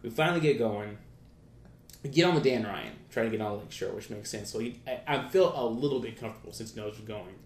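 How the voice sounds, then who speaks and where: Fast rambling young man, echoey room. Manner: rambling, quick, many restarts and "like"s. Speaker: storyteller. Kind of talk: casual storytelling. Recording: echoey room with faint rumble.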